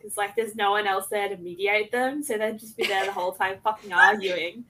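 A woman co-hosts a podcast, chatting casually in a laughing rewatch discussion, swearing freely and laughing often. Her mid-range voice is bright and forceful, a little fast, and the recording is rough.

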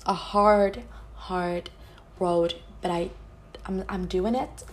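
A woman hosting a podcast, talking earnestly and from the heart in a personal monologue, often halting and restarting her sentences. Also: mid-range voice, slight background noise. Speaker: podcast host.

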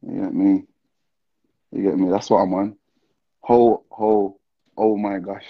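A man hosting a casual livestream, tipsy and excitable, heavy on slang as he calls out to viewers. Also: deep voice, slow, vocal fry, breathy edge. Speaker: livestream host. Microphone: live stream with call-ins. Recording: dull lo-fi stream audio.

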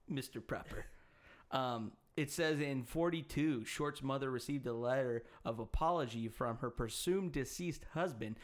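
A man co-hosting a podcast, chiming in with slangy, jokey, profane banter. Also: medium pitch. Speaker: podcast co-host. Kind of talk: casual profane chat.

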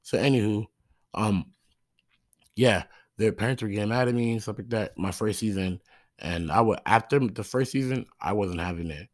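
A young man with a deep, low voice tells a loose, meandering story about coaching kids' soccer, circling back with "you know what I mean" and restarts. The sound is close and dry, with no room echo. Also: moderate pace. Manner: rambling, loses his thread, lots of fillers like "you know what I mean". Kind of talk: casual storytelling monologue.

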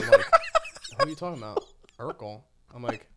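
A man's voice: mid-range voice, lively intonation, fast, noisy background. A man co-hosting a casual sports podcast, rambling through game recaps. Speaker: podcast co-host.

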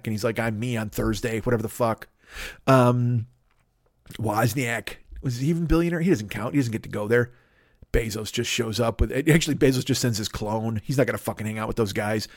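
A man's voice: medium pitch, a little mellow, no room sound, studio quality. Profane rambling man hosting a podcast. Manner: profane, rambling, tangent-driven rant. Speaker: podcast host. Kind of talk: comedic solo monologue.

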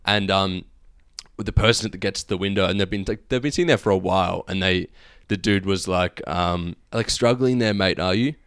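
A man's voice: sits low, steady tone, normal speed, fairly bright tone, clear, resonant tone, no room sound, studio quality. A young man co-hosting a casual podcast, telling self-mocking stories. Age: young adult. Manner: storytelling, self-mocking, laughs often. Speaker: podcast co-host. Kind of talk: casual chat.

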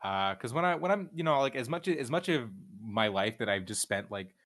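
A man's voice: mid-range voice, expressive, a little fast, a bit bright. Candid, profane young man chatting. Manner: profane, candid, rambling with restarts. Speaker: streamer guest. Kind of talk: casual chat.

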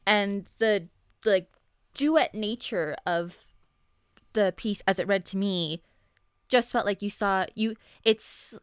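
A woman on a podcast sharing her reactions to music, appreciative and a little hesitant. Her voice is smooth and resonant at a middle pitch. The recording is dry, with no room sound. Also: dry recording. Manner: warmly appreciative, hesitant fillers. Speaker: podcast co-host. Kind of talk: casual music review chat.

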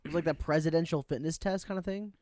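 A man's voice: on the high side, fast, warm tone, no echo, studio quality. A young man in casual chat among friends, playful and teasing, giving friendly notes.

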